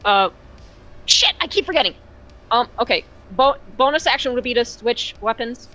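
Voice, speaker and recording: A woman playing a tabletop game, talking in a hesitant, halting way and often restarting her sentences. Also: a little high, lively intonation, pushed and bright. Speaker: player.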